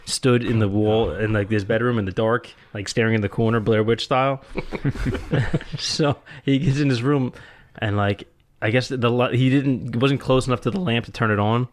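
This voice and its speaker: A man's voice: mid-range voice, steady tone, normal speed. A man hosting a casual podcast chat, telling rambling stories full of "like" and laughing often. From US Northeast. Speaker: podcast host.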